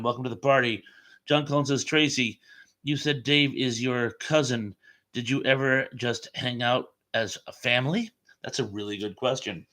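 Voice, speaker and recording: A man hosting a casual live chat stream, reading viewer comments aloud. He rambles between comments with plenty of ums and uhs, chatty and unhurried. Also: mid-range voice, fairly bright tone.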